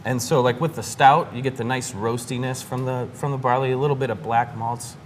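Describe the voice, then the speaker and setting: A man's voice: medium pitch, fairly even intonation, brisk, slight background noise. A man, a brewery guest, explains beer styles in a loose, joking way with lots of fillers. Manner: jokey, loose, many fillers. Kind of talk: casual radio interview.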